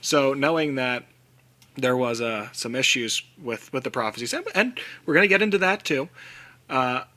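A man hosting a podcast in casual chat, animated and slipping into mock-dramatic quoted voices. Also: mid-range voice, moderate pace. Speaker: podcast host.

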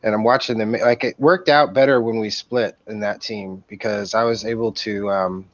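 A man's voice: lowish voice, normal speed, no echo, highs cut off. A man chatting casually and profanely with teammates about a match he is playing. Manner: relaxed, profane, fillers. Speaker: gamer in team voice chat. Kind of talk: casual game chat.

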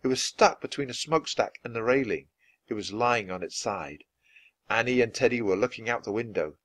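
A man reading a children's book aloud, with expressive, lively narration. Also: mid-range voice, fairly quick, no room sound. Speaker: storyteller.

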